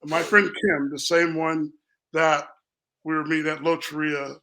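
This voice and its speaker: Founder type, gravelly and bright, animated storyteller. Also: male voice, a little high, a little slow, a little hiss or hum, rough recording. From Minnesota. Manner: animated, rambling, acts out quotes. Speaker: company founder. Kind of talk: storytelling in casual interview.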